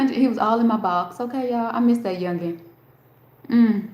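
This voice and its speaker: A woman's voice: on the high side, unhurried, darkish tone. Chatty woman livestreaming in an echoey room. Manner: rambling, talks straight to her chat, swears freely. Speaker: livestream host. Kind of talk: casual live-stream chat. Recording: roomy echo.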